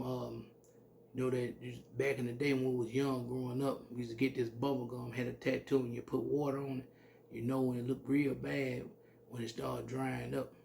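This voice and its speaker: A man giving an informal scripture teaching, reading verses slowly and then commenting bluntly with salty language. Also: medium pitch, creaky, darkish tone, slight background noise. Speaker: religious teacher.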